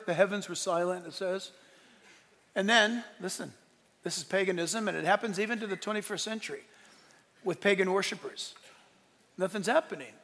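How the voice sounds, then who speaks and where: A male pastor preaching an animated, joking sermon to his congregation. His voice is high and gravelly. The sound carries a long hall reverb. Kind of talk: sermon with humor. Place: church hall with live congregation.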